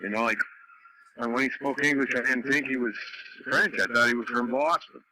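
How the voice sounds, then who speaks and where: A man's voice: medium pitch, fairly even intonation, fairly quick, bright, forceful tone, dry recording, poor audio. A man telling stories in a casual chat over the radio. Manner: chatty, storytelling.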